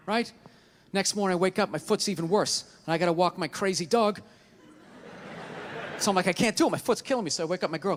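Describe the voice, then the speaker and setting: A man's voice: high voice, expressive, fast, long pauses. A man performing a stand-up comedy routine, telling a story with exasperated, mock-quoted rants.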